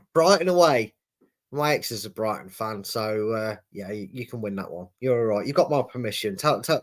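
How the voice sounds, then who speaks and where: A man hosting a live football fan watchalong, chatting casually and reading out viewer messages with plenty of ums and restarts. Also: mid-range voice. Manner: chatty, reads viewer messages aloud with many fillers. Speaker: fan channel host reading chat.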